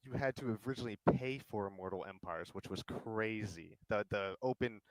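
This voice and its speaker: A man speaks over voice chat, eagerly walking through details of a game in relaxed talk. His voice sits low and sounds dry and close. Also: fairly quick, dry recording, poor audio. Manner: eager, explains at length with a laugh. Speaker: guest in voice chat. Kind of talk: casual gaming chat.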